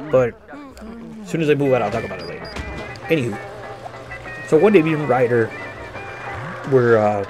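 A man telling a rambling, profane personal story during a game playthrough, often correcting himself. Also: mid-range voice. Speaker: gaming channel host.

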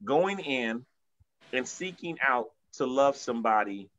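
A man's voice: mid-range voice, lively intonation, a little slow, fairly bright tone, muffled recording. A man leading an informal Bible class, talking casually and coaxing people to share, with a lot of "like" fillers. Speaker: church class leader.

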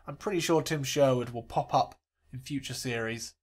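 A man hosting a let's play, calling a football game like a commentator, swinging between excitement and glumness. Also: mid-range voice, normal speed, breathy edge.

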